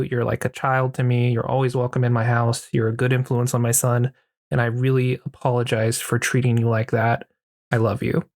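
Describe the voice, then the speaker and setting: A podcast host giving a casual, profane, rambling recap of a horror movie, with lots of filler words. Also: medium pitch. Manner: profane, rambling, heavy use of "like".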